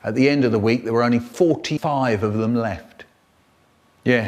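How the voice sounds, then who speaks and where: A man narrating a family story in an animated, theatrical storytelling manner, chopped into a comic mashup. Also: medium pitch, normal speed, a little hiss or hum.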